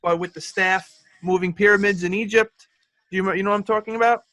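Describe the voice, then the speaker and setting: A man's voice: high-pitched, steady tone, a little fast, bright, forceful tone, no echo. A man hosting a podcast interview, eager and agreeable, chatting casually with his guest. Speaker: podcast host.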